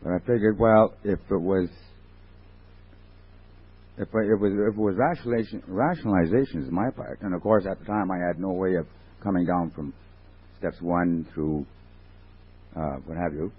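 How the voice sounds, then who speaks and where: A man's voice: sits low, normal speed, long pauses, breathy edge. A man sharing at a recovery meeting, rambling and wry, questioning himself as he goes. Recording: tinny lo-fi 1980s tape.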